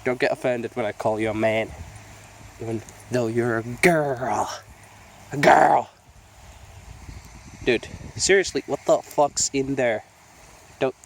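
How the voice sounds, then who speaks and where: A man's voice: medium pitch, slow, pauses often, slight background noise. A man vlogging outdoors by a lake in the rain, sniffly and getting sick, swearing freely as he scolds and coaxes his dog. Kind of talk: casual outdoor vlog talking to his dog. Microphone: phone.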